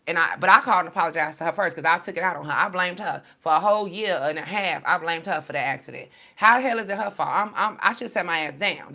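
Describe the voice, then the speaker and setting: Low-pitched middle-aged woman, bright tense voice, aave-tinged, blunt and emotional. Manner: blunt, emotional, animated storytelling with swearing. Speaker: spiritual reader. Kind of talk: casual spiritual talk.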